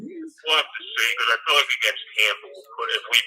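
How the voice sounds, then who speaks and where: A man co-hosting a casual hockey chat, excitable and quick to swear when worked up, heard over a phone line. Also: mid-range voice, slightly rough. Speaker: podcast co-host.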